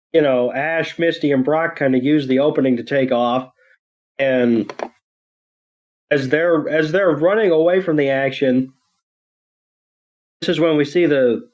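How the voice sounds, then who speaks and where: A man's voice: mid-range voice, slow pace, pauses often, a little mellow, muffled recording. A man co-hosting a podcast, recapping a cartoon episode in a laid-back, profane way with many fillers. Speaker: podcast co-host.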